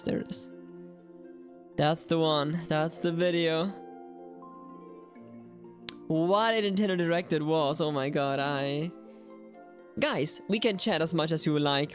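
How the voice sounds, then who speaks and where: Animated young woman streaming live. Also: deep voice. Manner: animated, chatty, addresses viewers directly. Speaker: gaming streamer.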